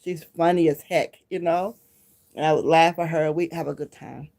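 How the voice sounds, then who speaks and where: A woman's voice: low-pitched, steady tone, normal speed, gravelly, a little mellow. A woman from Detroit chatting casually to her viewers, reminiscing and talking straight to them. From Detroit, Michigan. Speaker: vlogger.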